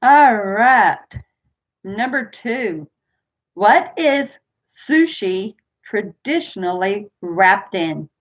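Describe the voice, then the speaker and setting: Woman, trivia host, slow unhurried talk, chatty, laughs a lot, dull lo-fi stream audio. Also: mid-range voice, animated. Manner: chatty, laughs often, reads questions aloud. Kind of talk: casual live-stream chat.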